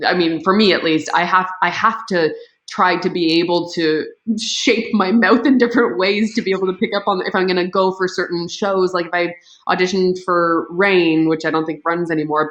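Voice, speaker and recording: A woman from Canada chatting as a guest in a live online interview, self-deprecating and quick to laugh. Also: fairly low pitch, fairly bright tone, low-quality recording. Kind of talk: casual live interview chat. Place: video call.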